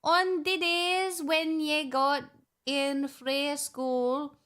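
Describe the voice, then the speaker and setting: A woman's voice: high voice, flat delivery, fairly bright tone, full character voice. Woman putting on a hammy Scottish brogue. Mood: playful. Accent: put-on Scottish. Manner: slow, sing-song reading aloud. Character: playful woman doing an exaggerated Scottish brogue. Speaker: streamer.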